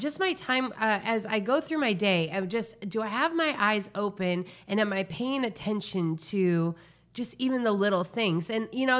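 A woman's voice: medium pitch, fairly bright tone. Earnest woman pastor chatting about faith. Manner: earnest, reflective, many fillers. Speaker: pastor and co-host. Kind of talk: casual faith chat.

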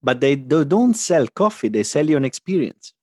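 A man's voice: on the high side, big pitch swings, normal speed, darkish tone, no echo, clean studio sound. A man in casual conversation, explaining his points thoughtfully and laughing easily. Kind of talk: casual chat.

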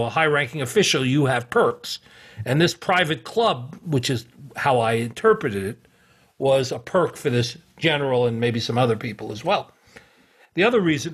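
Husky middle-aged man telling stories. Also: mid-range voice, fairly bright tone. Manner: rambling, many fillers and restarts, chuckles often. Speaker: podcast guest. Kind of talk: casual anecdotal storytelling.

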